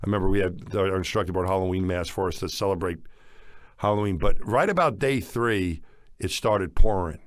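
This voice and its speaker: A middle-aged man co-hosting a podcast, telling a story casually with lively chuckles. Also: low-pitched, fairly quick, no room sound, studio quality. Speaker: podcast co-host.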